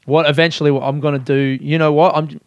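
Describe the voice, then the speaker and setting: A man's voice: fairly high pitch, little pitch movement, fast talker, no room sound, dull audio. A young man, hosting his own podcast in loose, rambling chat, swearing and laughing at himself as he goes. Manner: rambling, swears, laughs often, self-mocking. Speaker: podcast host. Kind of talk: casual solo podcast chat.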